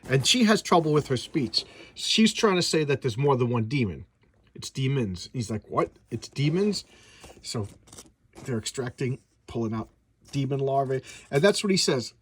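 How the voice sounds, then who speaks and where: A man's voice: mid-range voice, a little hiss or hum. A man recapping a comic book in a casual, enthusiastic, rambling way, with many restarts.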